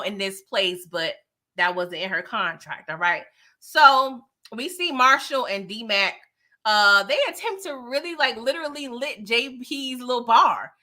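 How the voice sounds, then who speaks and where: A high-pitched woman recapping a TV episode for her channel, slangy and playful, laughing often. Her voice is bright and sharp, and her delivery is animated. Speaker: YouTuber recapping a TV show. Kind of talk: casual recap vlog.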